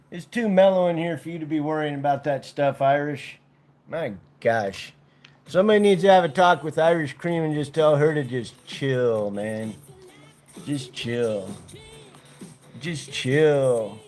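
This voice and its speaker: A man with a fairly high, easygoing voice chats on a casual livestream. He talks in a relaxed, unhurried way to his dogs and to viewers in the chat. Faint music plays softly in the background. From United States. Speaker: vlogger.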